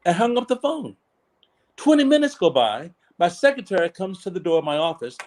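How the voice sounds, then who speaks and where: A man in his seventies, a pastor and podcast guest, telling a personal story in an earnest, measured way that slows down for emphasis. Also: high voice, very animated, darkish tone. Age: 70s.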